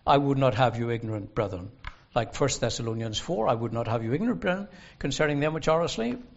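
A man preaches in a gospel hall, earnest and emphatic. He leans on the scripture he quotes, slowing each phrase to give it weight. The recording is muffled and low in fidelity. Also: lively intonation, gravelly. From Northern Ireland. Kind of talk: sermon. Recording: dull lo-fi sermon recording.

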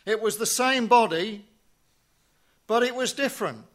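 A man with a high voice delivers a sermon at a measured pace, posing rhetorical questions and sinking to a hush on key phrases.

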